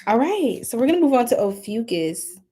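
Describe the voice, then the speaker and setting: A young woman doing a casual tarot reading, chatty and animated, often laughing and breaking into loud exclamations. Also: on the high side, brisk, a little hiss or hum. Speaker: tarot reader.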